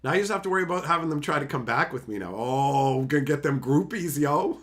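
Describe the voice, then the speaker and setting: A man from Canada reading chat messages aloud and chatting casually on his livestream, jokey and animated, often slipping into mocking voices. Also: a little high, normal speed.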